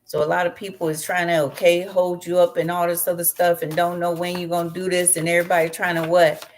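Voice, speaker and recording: A woman with a somewhat low voice runs through a tarot reading in loose, casual talk. She is blunt and swears constantly, wandering into rambling asides between the cards. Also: flat delivery, quick pace, slight background noise. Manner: blunt, profane, rambling storytelling. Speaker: tarot reader.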